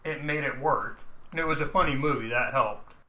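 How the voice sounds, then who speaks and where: A man's voice: medium pitch, fairly quick, pushed and bright. A man co-hosting a podcast, giving a thoughtful, rambling film review in casual chat. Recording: roomy, echoey room sound.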